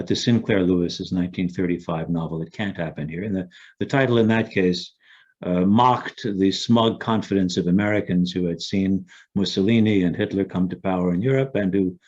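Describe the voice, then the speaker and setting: Low-voiced man asking measured questions. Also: darkish tone, husky, lo-fi sound. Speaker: interviewer.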